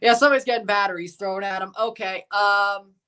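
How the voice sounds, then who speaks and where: A man's voice: high-pitched, steady tone, a little fast, sharp tone, smooth. A man hosting a casual soccer watchalong livestream, rambling, chuckling and repeating himself as he reads out lineups and chats. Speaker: livestream host reading chat.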